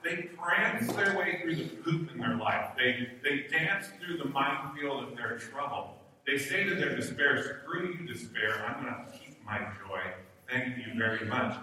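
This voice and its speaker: A man's voice: on the high side, sharp tone. A man preaching a sermon in a conversational, humorous way. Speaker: pastor. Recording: echoey hall from far off.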